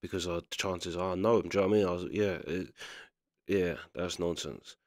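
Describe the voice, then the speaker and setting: A man's voice: low-pitched, fairly even intonation, fairly quick, darkish tone, no room sound, clean studio sound. A man giving casual commentary while reacting to clips, chatty and always checking you follow him. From England. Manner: chatty, keeps asking "do you know what I mean".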